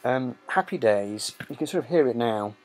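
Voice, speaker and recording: A man's voice: medium pitch, animated, normal speed, darkish tone, a little hiss or hum. A man hosting a casual talk about records, rambling with many fillers. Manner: rambling, many ums and uhs. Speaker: host. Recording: music playing behind.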